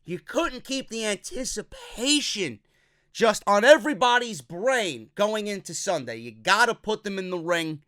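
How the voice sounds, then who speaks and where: A man's voice: high voice, sing-song, a little slow, pushed and bright, dry recording, studio quality. A man ranting bluntly in a profane wrestling review vlog, exasperated and swearing often.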